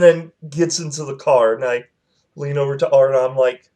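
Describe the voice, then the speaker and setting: A man's voice: medium pitch, fairly even intonation, moderate pace, warm tone. A man telling a personal story to his channel in a casual, rambling way, with lots of fillers and quoted back-and-forth.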